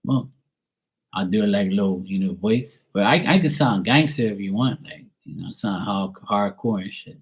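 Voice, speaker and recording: A middle-aged man with a somewhat low voice hosts a live tarot stream. He jokes and boasts to his viewers in relaxed, easygoing chat. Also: normal speed, husky. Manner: playful, joking, boastful banter with viewers.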